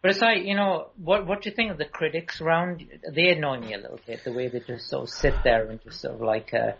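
A man's voice: a little high, fairly even intonation, quick pace, creaky, a bit bright, slight background noise. A man chatting casually as a co-host, loose and filler-heavy. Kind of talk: casual chat. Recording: dull lo-fi recording.

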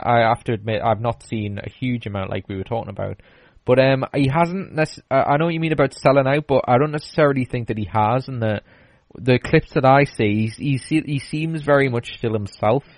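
A man's voice: medium pitch, fairly quick, dry recording. Rambling man, dry close sound. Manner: rambling, many fillers and restarts. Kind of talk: casual chat.

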